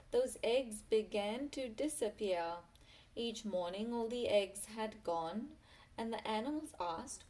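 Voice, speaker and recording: A woman reads a children's rhyming picture book aloud with a gentle sing-song lilt. Her delivery is unhurried and her voice sits a little high. Now and then she breaks off for a quick aside to whoever is listening. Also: animated. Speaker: storyteller.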